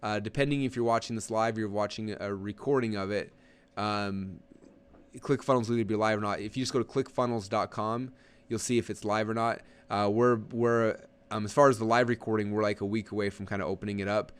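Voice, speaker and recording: A man in his thirties coaching an online audience through a live webinar walkthrough, rambling with frequent restarts and quick acted-out asides. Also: lowish voice, fairly even intonation, clear, resonant tone.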